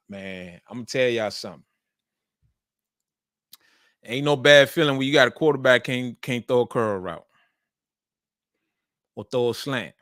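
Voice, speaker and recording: Bright-voiced man riffing on football. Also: medium pitch, dry recording, studio quality. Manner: repetitive, emphatic, colloquial. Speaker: sports show host. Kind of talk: casual sports commentary.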